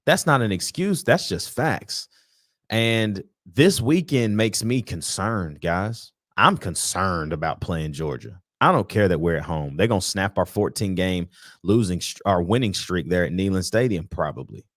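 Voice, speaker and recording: A man hosting a casual sports talk livestream, speaking in a frustrated, emphatic and animated way. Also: sits low, a little slow, no room sound, clean studio sound. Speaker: sports talk show host.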